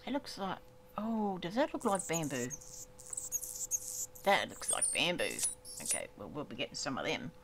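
A woman's voice: on the low side, big pitch swings, normal speed, pauses often, fairly bright tone, a little hiss or hum. Chatty woman narrating gameplay. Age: older. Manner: chatty, talks to the animals, exclaims often. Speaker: gaming YouTuber. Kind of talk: casual let's-play commentary.

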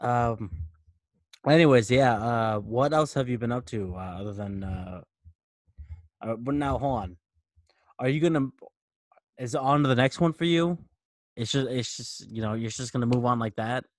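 A man's voice: medium pitch, moderate pace, long pauses, no echo. Hesitant young man, dry close sound. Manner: hesitant, many fillers, asks questions. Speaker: podcast co-host. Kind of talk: casual chat.

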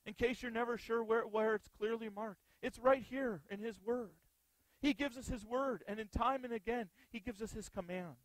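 A man's voice: very high voice, moderate pace, no echo, rough recording. A male pastor preaching an earnest sermon, often putting rhetorical questions to the congregation.

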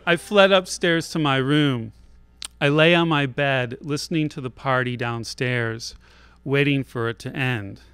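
A man telling a personal story live on a theater stage, in a wry, self-deprecating and deliberate way. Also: mid-range voice, a bit bright, smooth.

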